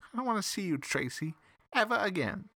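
A man's voice: high-pitched, big pitch swings, brisk, sharp tone, no echo, pitched above the performer's own voice, exaggerated voice. A man voicing a smug, teasing male salamander detective who drawls out his mockery in a sing-song way. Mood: mocking.

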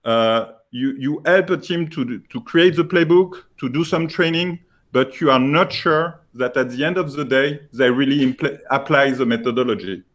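This is a French-accented man from France presenting his software product in a halting way, his speech cluttered with filler sounds.

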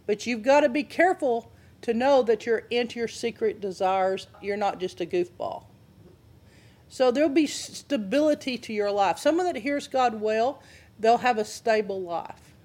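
A woman's voice: fairly high pitch, moderate pace, a little mellow. A woman giving a conversational Bible teaching and asking her listeners questions. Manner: conversational, asks the audience questions.

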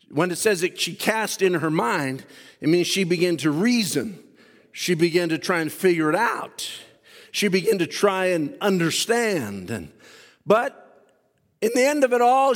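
Male preacher, high voice, fervent, shouts and stretches lines, church reverb. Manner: fervent, shouting and drawing out phrases. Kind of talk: sermon. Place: church sanctuary.

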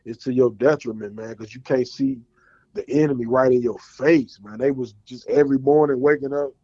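A man's voice: medium pitch, steady tone, moderate pace, warm tone, no room sound. Laid-back man with dull lo-fi sound. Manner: laid-back slang, says man often. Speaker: podcast host. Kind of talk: casual chat.

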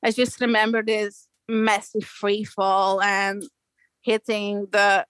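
A young woman from Belgium tells her story in easy, casual conversation, laughing often and putting on little voices for quotes. Her pitch sits mid-range for a woman. The sound is dry and close, with no room around it. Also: little pitch movement, takes it slowly, fairly bright tone, no room sound, poor audio. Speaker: guest surfer.

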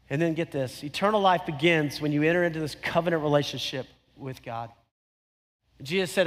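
Conversational preacher in a reverberant hall. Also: male voice, on the high side, brisk. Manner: conversational storytelling with emphatic repetition. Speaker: pastor. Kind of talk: sermon.

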